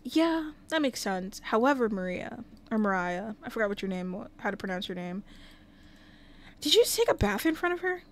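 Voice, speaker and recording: A woman's voice: medium pitch, very animated, moderate pace. A woman casually commenting while livestreaming a life-sim game, talking to the characters and thanking viewers. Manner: chatty, talks to game characters and chat.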